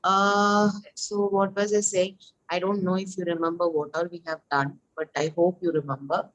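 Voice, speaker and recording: A woman tutoring a student in an online lesson, talking casually with many pauses and fillers. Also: lowish voice, little pitch movement, low-quality recording. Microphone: video call.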